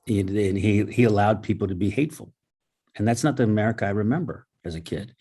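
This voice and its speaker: A man's voice: on the low side, fast, mellow, breathy edge. A man talking earnestly in a casual, storytelling way, often repeating and stumbling over his words. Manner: earnest, repeats himself, stammers. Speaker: host and guest speaker. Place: Los Angeles area home. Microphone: video call.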